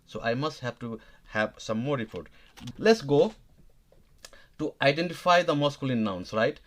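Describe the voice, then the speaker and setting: Male teacher, mid pitch, halting live lesson full of fillers and "okay?". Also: lively intonation. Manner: halting, many fillers and restarts, checks in with "okay?". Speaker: language teacher. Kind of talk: live online grammar lesson.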